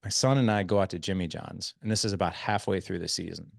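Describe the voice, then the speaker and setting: A man with a low, gravelly voice chats as a podcast host. He spins a rambling, self-deprecating story full of "like" and "um". The sound is dry and close. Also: steady tone, fast talker, dry recording. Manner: rambling anecdotal, self-deprecating, lots of fillers. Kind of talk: casual storytelling conversation.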